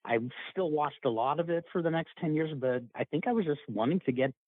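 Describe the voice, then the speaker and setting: A man in his forties, a podcast guest chatting in a relaxed, conversational way. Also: a little high, brisk, no room sound. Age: 40s. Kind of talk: casual chat. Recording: tinny phone-like line.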